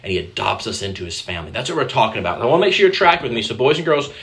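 A man's voice: medium pitch, lively intonation, very fast, fairly bright tone. A man preaching a conversational sermon, speaking directly to the children in the congregation and acting out quoted voices. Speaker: pastor.

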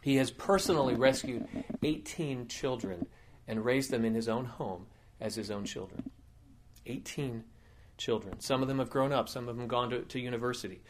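A man's voice: mid-range voice, normal speed, noisy background. A man preaching a sermon as a teaching elder, telling a story earnestly with many fillers and restarts. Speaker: pastor.

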